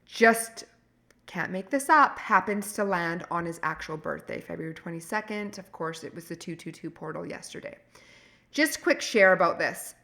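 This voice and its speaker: A woman co-hosts a casual podcast, her voice bright and forward. She tells stories in an animated, rambling way, circling back and restarting her sentences as she goes. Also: on the low side, normal speed. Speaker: podcast co-host. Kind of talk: casual chat.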